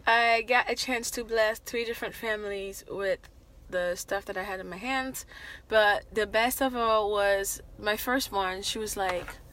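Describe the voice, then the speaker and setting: Bright-voiced animated young woman vlogging. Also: mid-range voice, measured pace. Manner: animated, exclamatory storyteller acting out dialogue. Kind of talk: casual vlog storytelling.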